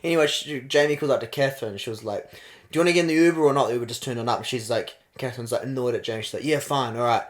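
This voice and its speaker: In a racing, mid-range voice, a young New Zealand podcast co-host with a local accent spins a story during casual chat, becoming livelier and laughing along the way.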